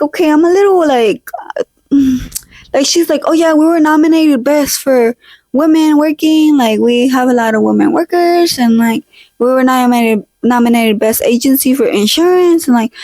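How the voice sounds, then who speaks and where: A young woman hosting a casual podcast vlog speaks at a moderate pace, her high-sitting voice darkish in tone, as she tells a slangy, chatty story sprinkled with Spanish. The recording is dry, on a poor home handheld or desk mic she sometimes drifts from.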